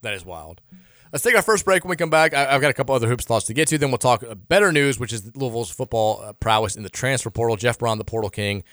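A man's voice: medium pitch, lively intonation, fast talker, a bit bright, no room sound, studio quality. A man hosting a sports radio show, talking in a frustrated, sarcastic, rambling way with many restarts. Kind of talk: casual sports radio talk.

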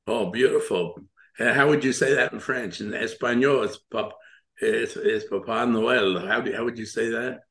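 A man hosting an on-air interview, halting and full of praise and encouragement. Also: mid-range voice, a bit bright, echoey room. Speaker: radio show host.

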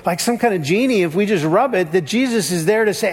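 A man's voice: lively intonation, fast, breathy edge. A man preaching a sermon in a conversational way, changing his voice when he quotes others. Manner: conversational, shifts pitch when quoting. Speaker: pastor. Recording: long reverb of a church hall.

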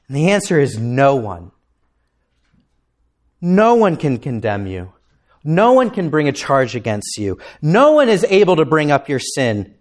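A man preaching a sermon as pastor, impassioned, climbing to emphatic peaks and then dropping low and quiet. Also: huge pitch swings, measured pace.

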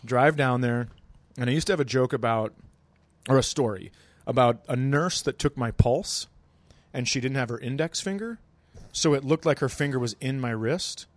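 A man's voice: mid-range voice, normal speed, no room sound. A man, a stand-up comedian, telling a long anecdote on a podcast in a laid-back, dry manner while acting out the people in it. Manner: laid-back, dry storyteller who acts out voices in anecdotes. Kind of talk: casual comedy podcast storytelling.

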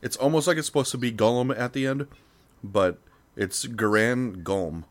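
A man in a casual gaming chat, speaking thoughtfully with pauses and fillers. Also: medium pitch, expressive.

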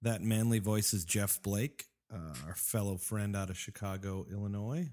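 A man's voice: fairly low pitch, darkish tone. A man from Austin, Texas hosting a casual tech podcast, joking with co-hosts and explaining technical features. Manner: jokey, quick to laugh, explains technical topics. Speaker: podcast host.

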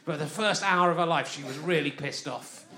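A man's voice: fairly high pitch, moderate pace, pushed and bright. A man from London, hosting a live comic podcast, rambling and chatty and often laughing through his lines. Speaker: podcast host. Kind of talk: live comic monologue to an audience. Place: live festival venue. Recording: roomy live venue sound.

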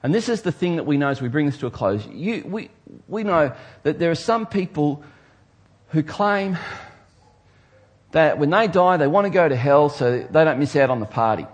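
A man preaching from the pulpit with a husky, breathy edge to his voice. He delivers his sermon emphatically, swinging between hushed, low passages and loud, rising ones. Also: expressive, moderate pace. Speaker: pastor.

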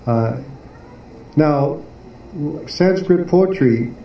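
Dark-voiced man teaching, echoey and distant. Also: fairly high pitch, animated. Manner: halting, searching for words, many fillers. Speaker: spiritual teacher. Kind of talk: class explaining devotional poetry. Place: devotional garden venue in Philadelphia. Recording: echoey room, distant mic, faint noise.

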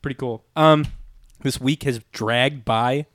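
A young man co-hosting a casual podcast from a home basement, loose and profane, quick to laugh, rambling through his week. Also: mid-range voice, a bit bright, dry recording. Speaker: podcast co-host.

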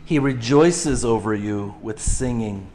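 A man preaching to his congregation, telling a lively story full of acted-out cries, then leading a slow, hushed prayer. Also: on the low side, a little hiss or hum. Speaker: pastor. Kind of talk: sermon. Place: church sanctuary.

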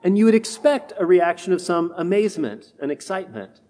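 Preacher, male, high-pitched, delivers a homily and acts out quoted complaints. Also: very animated, a little fast, warm tone. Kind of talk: sermon.

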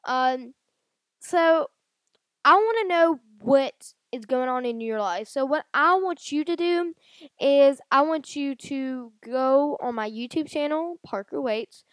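A woman's voice: high voice, expressive, slow, dry recording. A woman hosting her own casual podcast. She chats loosely and rambles, with lots of fillers and restarts. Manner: rambling, chatty, many fillers. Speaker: podcast host. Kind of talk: casual solo podcast chat. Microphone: handheld audio recorder.

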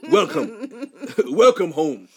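A man co-hosting a casual chat podcast, teasing and relaxed, trading jokes and music picks. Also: a little high, slow pace, a crowd in the background. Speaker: podcast co-host.

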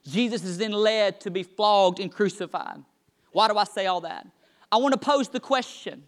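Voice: mid-range voice, moderate pace. A Bible teacher giving a weekly study who reads scripture aloud, then retells it with rising energy and the odd light joke. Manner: joking aside in a light tone.

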